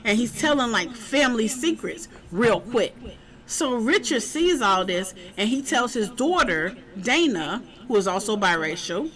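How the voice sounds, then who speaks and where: A woman casually recapping a TV episode, chatty and animated, acting out the characters' lines as she retells the scenes. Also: a little high, unhurried, poor audio. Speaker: TV show reviewer.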